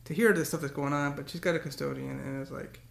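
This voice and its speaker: A man's voice: on the high side, fairly even intonation, quick pace, vocal fry, fairly bright tone, reverberant. A man talking to the camera in a casual, rambling monologue, often repeating words and breaking into cursing rants. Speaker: vlogger.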